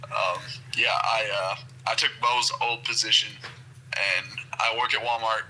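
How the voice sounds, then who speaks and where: A man's voice: on the low side, fairly even intonation, a little slow, sharp tone, low-quality recording. A man from Western Kentucky, a guest on a podcast, chatting casually with lots of hesitant ums.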